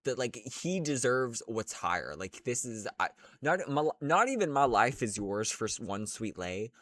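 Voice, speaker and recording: A man's voice: medium pitch, very animated, a little slow, fairly bright tone, no echo. A young man chatting casually in a rambling, crude, gushing way as he ranks characters. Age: young adult. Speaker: vlogger. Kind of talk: casual ranking chat.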